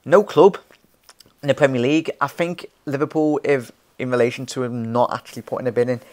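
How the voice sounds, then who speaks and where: A man's voice: mid-range voice, fairly even intonation, a little fast, a little mellow. Rambling young male fan streamer. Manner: rambling, laughs often, many restarts, calls viewers fella and mate. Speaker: fan channel host. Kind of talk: casual live-stream chat reading viewer comments.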